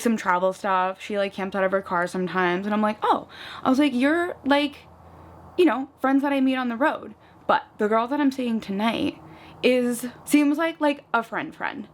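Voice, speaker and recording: A young woman from the US East Coast chatting casually while doing her makeup at home, filling her talk with "like" and acting out little retellings. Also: medium pitch. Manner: chatty, peppered with "like", animated retellings. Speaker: vlogger. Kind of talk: casual get-ready-with-me chat.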